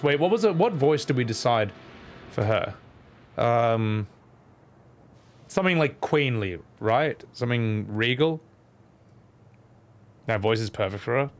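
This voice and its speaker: A man's voice: mid-range voice, expressive, measured pace, long pauses, soft background music. A man streaming a game and voicing its scenes, making sarcastic, joking asides. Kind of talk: gameplay commentary.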